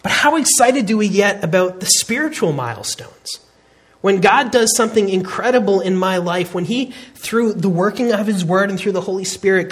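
A man's voice: high voice, slightly rough. A man in his thirties preaching a sermon, earnest and emphatic, often restarting his phrases. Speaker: pastor.

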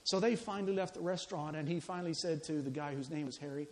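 A man preaching a sermon, telling a story in an animated, dramatic way full of quoted dialogue. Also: fairly high pitch, fast, poor audio.

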